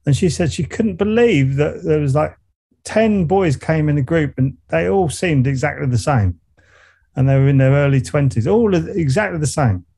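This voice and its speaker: His voice is fairly high, gravelly, mellow and slightly rough, at normal speed: a middle-aged Surrey-accented Englishman who coaches meditation and makes music. As an interview guest in casual conversation, he reflects and rambles, frequently restarting and laughing.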